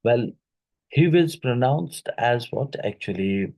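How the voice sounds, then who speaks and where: Man, husky, deep-ish, exam-prep teacher, filler-heavy. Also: a little mellow, rough recording. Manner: halting, with many fillers and "right?" tags; repeats each question aloud.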